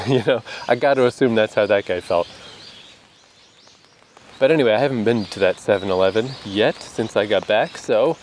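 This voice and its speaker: Briskly and in a lowish voice, this Canadian vlogger talks to his camera in the rain, and a faint hiss or hum runs underneath. It's a casual monologue, full of laughs with some swearing mixed in.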